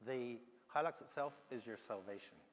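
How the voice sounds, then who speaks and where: A man's voice: medium pitch, moderate pace. A man with a New Zealand accent preaching a sermon, telling a story and acting out its dialogue, with many ums. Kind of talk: sermon with a told allegory. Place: church hall. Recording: long hall reverb from live stream.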